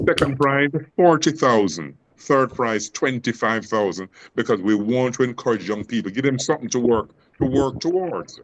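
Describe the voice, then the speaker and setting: In an interview, a passionate man from Jamaica, a poet and educator with a Jamaican-Canadian accent, keeps tripping over repeated words. He talks at a medium pitch and normal speed, animated and with hardly any pauses, over poor audio.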